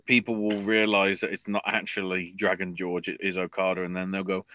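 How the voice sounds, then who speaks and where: A man's voice: sits low, little pitch movement, a little fast, few pauses, pushed and bright, dry recording. A man co-hosting a podcast, rambling through wrestling news in a casual chat full of fillers. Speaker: podcast co-host.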